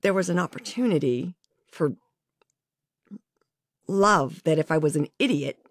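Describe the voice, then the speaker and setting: Frank, lively-voiced woman guest. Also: low-pitched, measured pace, no echo, clean studio sound. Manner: frank and self-reflective. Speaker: interview guest. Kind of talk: candid personal conversation.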